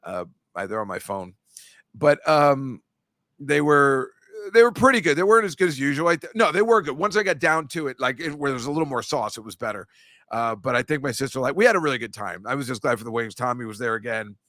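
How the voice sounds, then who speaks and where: A man hosting a podcast in casual chat, telling rambling stories and teasing listeners, with jumpy bursts of loudness. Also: mid-range voice, animated, a little fast, no echo, clean studio sound. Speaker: podcast host.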